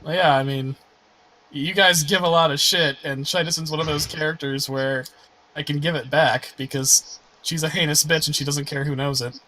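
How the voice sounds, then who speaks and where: A man's voice: fairly high pitch, fairly even intonation, moderate pace, bright, forceful tone, low-quality recording. A man who is the game master, chatting casually about a tabletop session and explaining his characters. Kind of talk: casual post-session chat.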